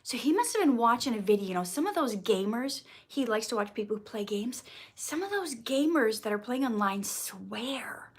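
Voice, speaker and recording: A woman in her thirties hosting a casual livestream, chatting warmly and encouragingly as she reads viewer comments aloud. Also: fairly high pitch, lively intonation, normal speed, hardly any pauses, slightly rough.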